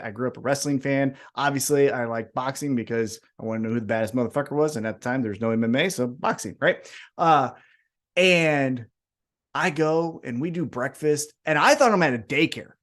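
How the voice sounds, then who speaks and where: A man co-hosting a wrestling podcast, telling a story in a loose, profane style. His pitch swings up and down a lot, and he slips into the voices of the people he describes. It is a relaxed livestream chat. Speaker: podcast co-host.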